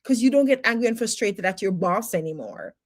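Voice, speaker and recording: A woman's voice: medium pitch, very animated, brisk. A woman teaching personal development on a livestream, emphatic and full of rhetorical questions, with faith-based encouragement.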